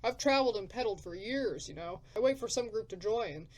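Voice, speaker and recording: Woman reading a grumbling, gruff male scavenger. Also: medium pitch, lively intonation, a little fast, close to an everyday voice. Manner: blunt, grumbling, coarse. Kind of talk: reading game dialogue aloud.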